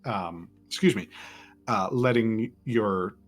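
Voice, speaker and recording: A man's voice: fairly low pitch, faint music behind. Hesitant man. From East Texas, US. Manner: thoughtful, hesitant, halting. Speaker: podcast host. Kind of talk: casual chat.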